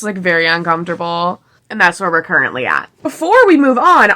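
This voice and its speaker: Chatty bright-voiced young woman. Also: fairly high pitch. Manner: chatty, sarcastic, giggly asides. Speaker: book reviewer. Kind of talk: casual book recap with read-aloud passages.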